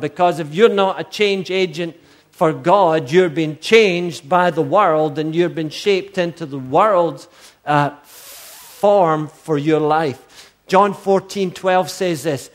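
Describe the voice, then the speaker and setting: A middle-aged male pastor delivers a sermon with emphatic conviction. He presses his points through a string of repeated rhetorical questions. His voice sits a little high for a man. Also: slow pace.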